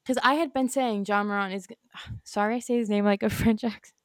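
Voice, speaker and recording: A young woman co-hosting a casual sports podcast, chatty and quick to laugh, full of likes and fillers, talking into a studio microphone. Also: medium pitch, fairly even intonation, clear, resonant tone, no room sound.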